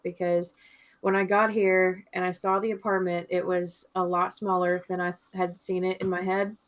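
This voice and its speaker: A woman's voice: lowish voice, fairly bright tone. A woman co-hosting a podcast, telling a long story in a rambling, chatty way and laughing often. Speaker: podcast co-host. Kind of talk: casual chat.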